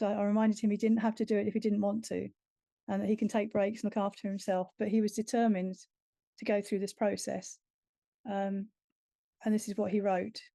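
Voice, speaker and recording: A woman's voice: medium pitch, gravelly, warm tone, no echo. A woman writer giving an earnest, reflective workshop talk about teaching creative writing.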